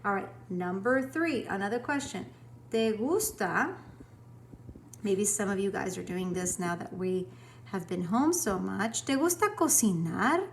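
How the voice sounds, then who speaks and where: A woman teaching a recorded language lesson to students, upbeat and encouraging, speaking clearly and slowing down to model example sentences. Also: medium pitch, lively intonation, a little hiss or hum.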